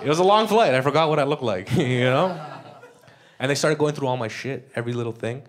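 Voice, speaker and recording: Speaking briskly in a mid-range voice with lively intonation, this young Canadian comedian delivers a crude, loose live set from a comedy club stage. He frequently laughs at his own material while the audible club crowd laughs along.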